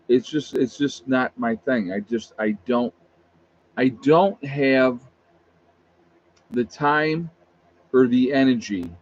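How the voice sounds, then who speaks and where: A man's voice: mid-range voice, a little mellow, highs cut off, a little hiss or hum. A man hosting a livestream, talking bluntly and emphatically in a casual rant, repeating himself for stress. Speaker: livestream host.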